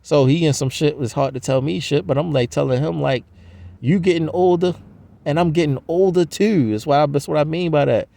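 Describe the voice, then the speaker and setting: A man's voice: fairly high pitch, fairly quick, gravelly, dark tone, no room sound. A man rambling in a profane, slangy casual monologue. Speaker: vlogger.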